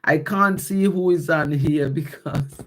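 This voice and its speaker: A man's voice: a little high, unhurried, a bit bright, slight background noise. A man from Jamaica with a Jamaican accent, chatting casually on a phone live stream and reading his poetry, explaining and repeating lines as he goes.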